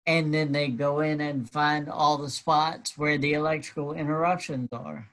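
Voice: mid-range voice, level tone, moderate pace, a bit bright. A guest telling a personal story in a casual, wry and matter-of-fact way.

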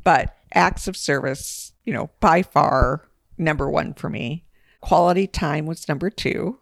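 Woman with a gravelly creaky voice. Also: low voice, unhurried, dry recording, clean studio sound. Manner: candid and emphatic, laughs easily. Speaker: podcast co-host. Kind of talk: casual conversation.

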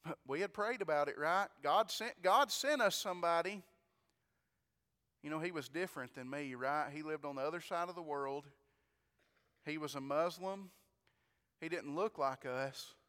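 High-voiced preacher in a reverberant hall. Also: male voice, normal speed, pauses often. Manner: animated, repeats words, exclaims praise. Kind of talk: storytelling sermon.

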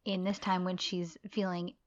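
A woman's voice: on the low side, level tone, moderate pace, lo-fi sound. A woman co-hosting a podcast, gushing emphatically about a show's characters in casual chat. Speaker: podcast co-host.

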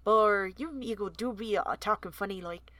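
A woman's voice: medium pitch, normal speed, a bit bright, dry recording, natural voice. A woman voicing a puzzled baby male mole in a thick rustic dialect.

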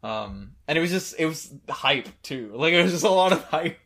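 A man hosting a casual gaming podcast, rambling excitedly with lots of fillers. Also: fairly high pitch, normal speed.

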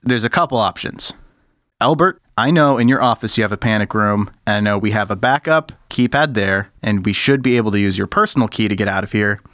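A man's voice: fairly low pitch, a little fast, a bit bright, no room sound, clean studio sound, lightly acted. A man voicing a capable, matter-of-fact woman taking charge in a tabletop game, in nearly his own voice. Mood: brisk.

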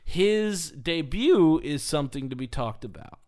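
A man co-hosting a podcast, casually telling an animated story and laughing often. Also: on the high side, a little slow. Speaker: podcast co-host. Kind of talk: casual chat.

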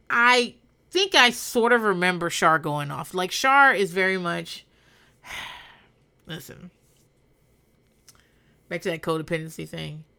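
A woman's voice: fairly low pitch, creaky, sharp tone. A woman hosting a casual podcast recap, talking bluntly with lots of swearing and laughter. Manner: blunt and profane, with frequent laughter. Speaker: podcast host. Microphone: podcast microphone.

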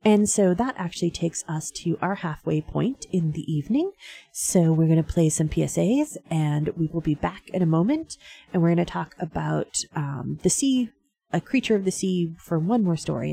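A woman's voice: fairly low pitch, lively intonation, normal speed, vocal fry, dark tone, breathy edge. A woman hosting a radio show, talking casually with many fillers and small laughs. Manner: chatty, frequent fillers and laughs.

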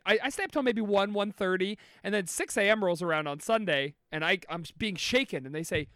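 A man's voice: sits high, fairly quick, a bit bright, dry recording, studio quality. A man on a comedy podcast, playful and loose, laughing often while telling stories. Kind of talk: comic storytelling and banter.

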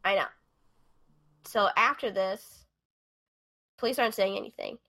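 A woman's voice: mid-range voice, a little slow, bright, forceful tone. A woman co-hosting a true-crime podcast, telling the case in a chatty way full of fillers and asides over a remote call.

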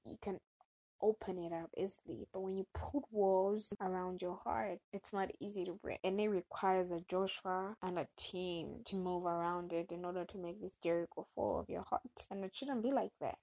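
A young adult woman giving a casual faith-based talk to her viewers, telling her story with animated, expressive delivery. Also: lowish voice, moderate pace, poor audio.

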